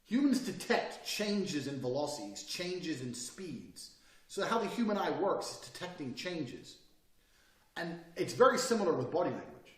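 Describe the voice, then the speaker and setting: A man's voice: a little high, sing-song, measured pace, a bit bright. Swaggering man lecturing in an echoey room. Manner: profane, swaggering, emphatic. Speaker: course instructor. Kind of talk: blunt motivational lecture.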